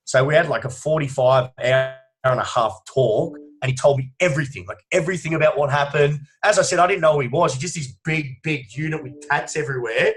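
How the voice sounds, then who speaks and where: A man's voice: fairly high pitch, quick pace, hardly any pauses. An Australian man, a strength coach, talking in a casual podcast interview, swearing freely and telling long emphatic stories. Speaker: strength and conditioning coach, guest.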